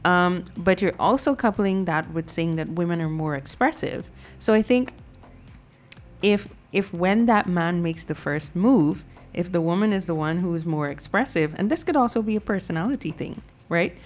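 Low-voiced woman hosting a call-in show. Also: expressive, normal speed, soft background music. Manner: thoughtful, warm filler-laden musing. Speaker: radio talk show host. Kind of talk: call-in radio talk.

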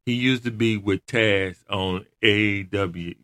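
A man chatting casually, an animated storyteller who laughs often. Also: lowish voice, takes it slowly. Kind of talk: casual chat about wrestling.

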